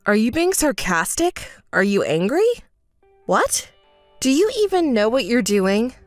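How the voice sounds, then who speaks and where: A woman's voice: on the high side, very animated, unhurried, a little mellow, no room sound, soft background music. A woman voicing a hurt, indignant young bride in a text story, scolding and sarcastic. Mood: cold.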